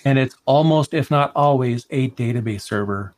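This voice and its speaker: A man of average pitch co-hosting a casual tech podcast. He talks in a conversational, emphatic way. He often repeats a word or two as he gets a sentence going. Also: moderate pace, a little mellow, no echo. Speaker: podcast co-host.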